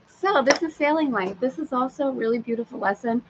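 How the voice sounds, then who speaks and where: A woman's voice: fairly high pitch, big pitch swings, fairly quick, hardly any pauses, husky, lo-fi sound. A woman hosting a live stream from a sailboat, telling a candid story and reading viewer comments aloud. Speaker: spiritual teacher and live-stream host.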